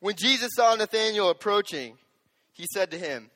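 A young man preaching a sermon as a youth pastor, animated and joking, speaking straight to the audience. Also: high-pitched, normal speed, long reverb tail.

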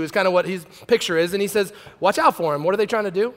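A man's voice: sits high, quick pace, hardly any pauses, fairly bright tone. A man preaching a casual, joking sermon as pastor, acting out the quotes he reads in a conversational way. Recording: long hall reverb.

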